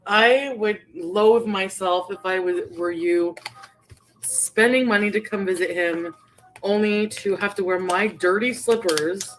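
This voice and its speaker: A woman's voice: mid-range voice, unhurried, slight background noise, poor audio. Woman hurling profane insults. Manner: vulgar, shouting insults.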